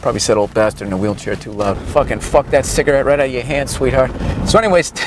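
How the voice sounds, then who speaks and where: Crude, animated man riffing on a street. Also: medium pitch, brisk, noisy background. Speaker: vlogger. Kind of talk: profane comedic ramble while riding down a street. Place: outdoors on a city street, moving.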